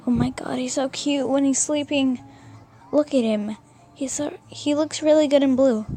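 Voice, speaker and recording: A woman's voice: high-pitched, steady tone, normal speed, warm tone. A young woman casually reading a fan fiction story aloud, often stumbling and rereading words.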